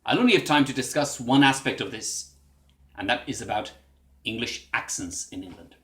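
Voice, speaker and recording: A man's voice: medium pitch, lively intonation, normal speed, a bit bright, roomy sound. A man giving a spoken lesson on English accents, explaining patiently and now and then imitating them in short bits. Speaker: English teacher. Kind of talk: recorded language lesson.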